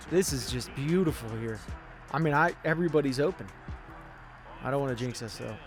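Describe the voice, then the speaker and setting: A young man commentating a football video game in a hyped, rambling way, yelling at big plays. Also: mid-range voice, moderate pace, long pauses, soft background music. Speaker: gaming channel host.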